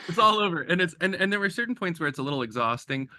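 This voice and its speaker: A man chatting casually about a novel, giving quick opinionated remarks. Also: high-pitched, animated, pushed and bright. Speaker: book discussion participant. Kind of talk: casual chat.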